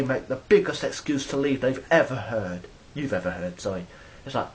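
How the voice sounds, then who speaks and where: A man's voice: medium pitch, expressive, fairly quick, hardly any pauses, a little hiss or hum, poor audio. A man telling stories in a rambling, casual monologue to a phone camera, swearing freely. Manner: rambling, swears freely, acts out quoted exchanges loudly. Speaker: vlogger.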